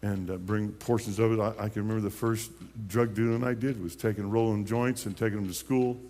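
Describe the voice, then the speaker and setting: A man's voice: fairly low pitch, steady tone, brisk, dark tone. A man in his late fifties, a pastor giving his personal testimony in a sermon, telling it in a folksy way with many restarts and repeated words. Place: church sanctuary. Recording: long church hall reverb.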